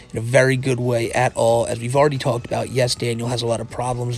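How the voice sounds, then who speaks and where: A man hosting a casual video commentary, rambling and swearing freely. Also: mid-range voice. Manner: rambling, profane, restarts a lot. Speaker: commentary host.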